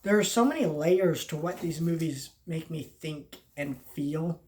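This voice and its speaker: A young adult film vlogger in casual talk to camera, rambling and halting, often trailing off and restarting, and earnest and heartfelt. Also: mid-range voice, darkish tone. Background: faint background noise.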